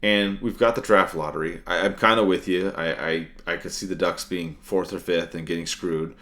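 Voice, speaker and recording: A man's voice: low-pitched, fairly even intonation, moderate pace, fairly bright tone. A man co-hosting a sports podcast, thinking aloud with many fillers and restarts and some dry sarcasm. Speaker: podcast co-host. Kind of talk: casual sports talk.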